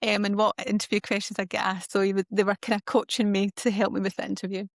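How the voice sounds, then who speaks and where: A woman's voice: mid-range voice, fast talker, no echo, studio quality. A woman with a Scottish accent, hosting a podcast in casual chat and telling stories animatedly. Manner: animated storyteller who acts out quoted dialogue. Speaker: podcast host.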